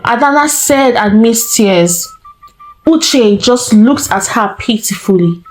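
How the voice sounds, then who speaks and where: A woman storyteller narrating a folktale in a slow, deliberate way. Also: fairly high pitch, expressive, poor audio.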